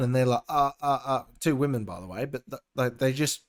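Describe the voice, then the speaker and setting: A man's voice: mid-range voice, fairly quick. A young Australian man hosting a casual opinion podcast, ranting and sarcastic as he reads the news and cuts in with his own comments. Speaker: podcast host.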